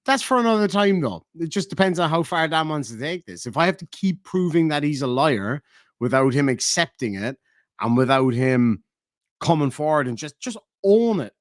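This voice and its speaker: A man's voice: fairly high pitch, sing-song, moderate pace, dry recording, studio quality. A man telling a profane, sardonic story in a vlog rant. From Ireland. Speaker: YouTuber. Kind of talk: ranting vlog monologue.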